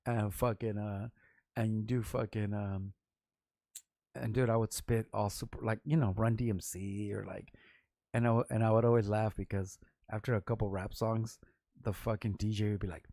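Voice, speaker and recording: A middle-aged man from Los Angeles, a rapper hosting his own vlog, telling loose, profane, rambling stories full of quick asides. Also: fairly low pitch, fairly even intonation, mellow, no echo, studio quality. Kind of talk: casual storytelling to camera.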